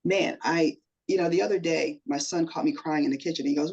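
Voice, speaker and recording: A middle-aged woman tells her personal story as a podcast guest. She sounds earnest and emotional. Her voice is gravelly and husky. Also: low-pitched, brisk, darkish tone, highs cut off.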